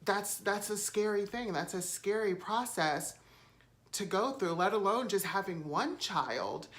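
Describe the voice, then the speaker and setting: A woman's voice: medium pitch, expressive, measured pace, a bit bright. A woman vlogger recording on a phone camera at home, telling a story casually with lots of fillers and swearing. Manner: chatty, swears freely, many fillers.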